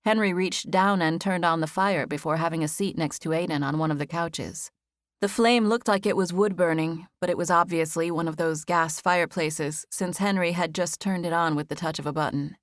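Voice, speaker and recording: Female audiobook narrator, gentle first-person storytelling, slightly low voice, dry studio mic. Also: steady tone, moderate pace, no room sound.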